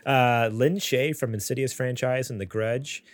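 A man's voice: mid-range voice, fairly even intonation, a little slow, dry recording. A man hosting a casual podcast, laughing often and reading gaming news aloud. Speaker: podcast host.

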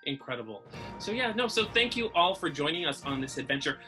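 A man's voice: on the high side, big pitch swings, fairly quick, music in the background. A man from Massachusetts with a faint Massachusetts accent, co-hosting a podcast in a chatty, rambling, self-deprecating way. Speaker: podcast co-host. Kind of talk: casual chat.

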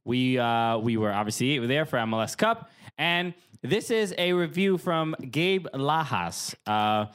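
A man's voice: medium pitch, expressive, unhurried, few pauses, a bit bright, clear, resonant tone. A man co-hosting a podcast in casual chat, rambling with many fillers and laughing often. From Dominican Republic. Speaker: podcast co-host.

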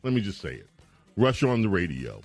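A man hosting a political talk radio show, speaking in an animated, indignant way with frequent restarts. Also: low-pitched, a little fast, gravelly, soft background music.

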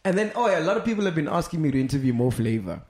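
A podcast host asks quick questions and reacts to each twist. The voice swings widely in pitch and stays at a middle height. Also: big pitch swings, a little mellow. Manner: reactive, prompting interviewer. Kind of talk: casual podcast chat.

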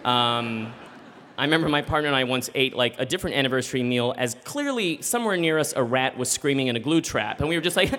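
A man telling a comic personal story live on stage, animated and acting out voices. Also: medium pitch, fast talker, long reverb tail, a little hiss or hum. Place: theater stage.

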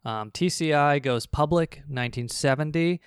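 A man co-hosts a podcast and walks through a bit of business history. He talks in a loose, chatty way with lots of fillers. His voice is clean and smooth, recorded close and dry. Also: fairly high pitch, moderate pace, dry recording. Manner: conversational, explains history with fillers. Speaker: podcast co-host. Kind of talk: casual chat.

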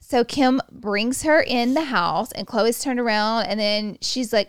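Woman co-host, smooth clear voice, close dry mic, animated gossipy storyteller who swears freely. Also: on the high side, a little slow, few pauses, no echo. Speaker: podcast co-host. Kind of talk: casual chat.

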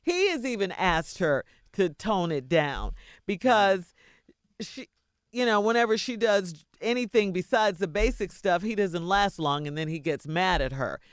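A woman radio co-host reading out a listener's letter and riffing with her colleagues. Her pitch rises and falls a lot as she talks, and the studio sound is dry and close. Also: a little slow, clean tone, no echo. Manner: animated, laughs often.

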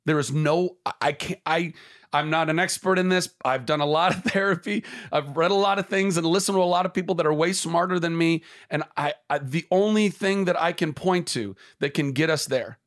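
Brief: man, higher-pitched voice, podcast guest, passionate and heartfelt, often rephrases mid-thought. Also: a little fast. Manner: earnest and impassioned, restarting phrases as he searches for words. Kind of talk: candid conversation.

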